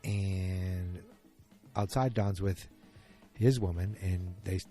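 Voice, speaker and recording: A man's voice: sits low, fairly even intonation, takes it slowly, dark tone, soft background music. A man hosting a casual solo podcast, recapping an episode in a rambling, self-correcting way. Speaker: podcast host.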